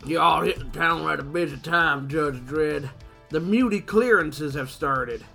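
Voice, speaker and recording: Here is a man doing a gruff Texan judge in a comic read-along. He has a slow, folksy drawl and a blunt manner, and the voice sits a touch lower than his usual talk. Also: pushed and bright, soft background music, heavily acted. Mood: gruff welcome. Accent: put-on Texan drawl. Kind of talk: podcast read-aloud of a comic.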